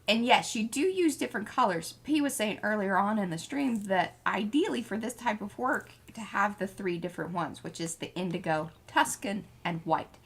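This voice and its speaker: A woman's voice: medium pitch, normal speed, hardly any pauses, breathy edge. A woman co-hosting a craft livestream, chatting casually, greeting viewers and reading out their comments. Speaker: livestream co-host reading the chat.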